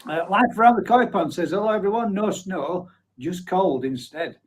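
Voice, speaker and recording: A man's voice: high voice, expressive, normal speed, rough recording. A man in his forties hosting a live stream, chatting casually and reading out viewer comments, blunt, with offhand swearing and frequent laughs. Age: 40s.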